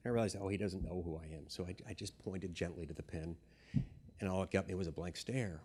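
A man's voice: deep voice, quick pace, a little mellow, breathy edge. A man, a senator, giving a humorous speech built on anecdotes, told in a dry, self-deprecating way.

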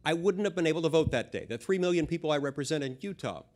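A man's voice: on the high side, lively intonation, quick pace, darkish tone. A man, a senator, giving a humorous speech built on anecdotes, told in a dry, self-deprecating way.

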